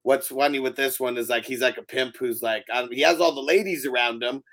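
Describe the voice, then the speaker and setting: A man's voice: mid-range voice, steady tone, brisk, fairly bright tone. A man hosting a podcast, recapping a film in a casual, rambling, laughing chat. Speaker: podcast host. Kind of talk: casual movie review chat.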